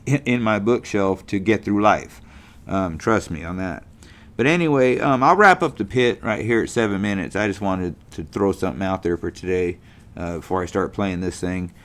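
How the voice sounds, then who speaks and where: A middle-aged man from California talks through a casual, unscripted monologue as the host of his own show. His voice sits on the low side, and he rambles in a folksy way, piling up fillers and restarting his sentences. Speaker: podcast host.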